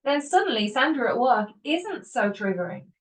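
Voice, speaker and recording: Animated woman host, somewhat distant mic. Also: sits high, moderate pace. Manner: animated, laughs often, acts out inner voices. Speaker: podcast host. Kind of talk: motivational self-help talk.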